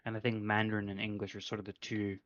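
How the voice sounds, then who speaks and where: A young man with a fairly low voice talks his thoughts through in a rambling podcast chat, full of "like" and "I mean". The recording sounds dull and lo-fi. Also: completely flat delivery, fast, a bit bright, no room sound. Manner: rambling, many fillers, reflective. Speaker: podcast co-host. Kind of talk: casual chat.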